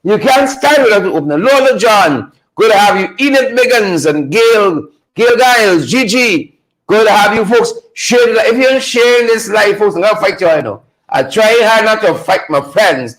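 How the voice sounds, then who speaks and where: High-voiced man hyping a live stream. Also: expressive, normal speed, low-quality recording. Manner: repetitive, hypes viewers with shout-outs. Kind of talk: energetic live-stream political talk.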